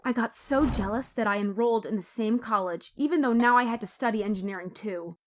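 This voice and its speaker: A woman narrating a first-person story in a dramatic, expressive way. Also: on the high side, a little fast, a little hiss or hum.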